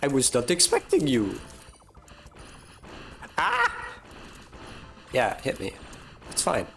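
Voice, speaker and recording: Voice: mid-range voice, sing-song, moderate pace, vocal fry, slight background noise. A young adult streamer giving live gameplay commentary, thinking aloud, swearing and mocking their own mistakes.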